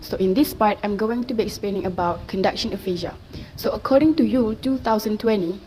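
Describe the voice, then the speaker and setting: A woman student reads a class presentation aloud in a steady, explanatory way. A faint hiss of background noise sits behind her voice. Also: mid-range voice, low-quality recording. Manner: steady explanatory reading, frequent "so".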